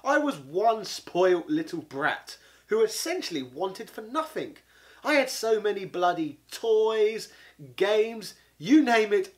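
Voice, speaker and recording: Animated man ranting. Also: high voice. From London, England. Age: 30s. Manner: exasperated, indignant, peppered with 'bloody'. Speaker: video game reviewer. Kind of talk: comedic ranting monologue.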